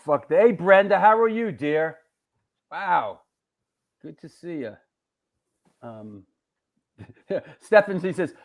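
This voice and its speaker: A man from New York hosting a live show, chatting casually, joking and giving shout-outs to viewers. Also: high voice, lively intonation, slow, pauses often. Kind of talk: casual live-stream chat reading viewer comments.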